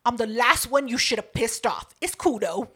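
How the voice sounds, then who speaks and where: A young woman co-hosting a casual podcast, her voice sitting a little high. She retells a fight with blunt, profane, dramatic energy. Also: expressive, normal speed, a bit bright, breathy edge. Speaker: podcast co-host. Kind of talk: casual chat.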